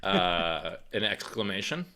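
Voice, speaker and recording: A man co-hosting a podcast, answering questions casually with many fillers and pauses. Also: sits low, lively intonation, sharp tone. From United States. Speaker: podcast co-host. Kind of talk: casual comedic chat.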